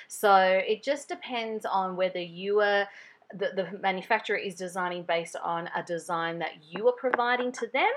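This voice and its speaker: A young woman with an Australian accent talks straight to her listeners in a casual podcast monologue. She is chatty and tells stories, calling her audience guys. Her voice sits a little low for a woman. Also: fairly bright tone. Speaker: podcast host.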